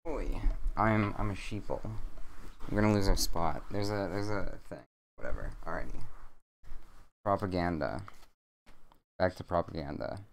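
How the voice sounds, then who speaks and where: A young man streaming from home at a desk mic, reading a bedtime story aloud with rambling, jokey deadpan asides. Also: deep voice, moderate pace, vocal fry, pauses often, slight background noise.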